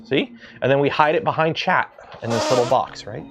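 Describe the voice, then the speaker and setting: A man from Canada rambles through a workshop build on a livestream, cracking jokes, cursing casually and scolding his printers. His voice sits at a middling pitch with a rough, gravelly edge, and faint music plays behind him. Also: brisk. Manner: rambling, jokey, swears, talks to his machines. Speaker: maker livestream host.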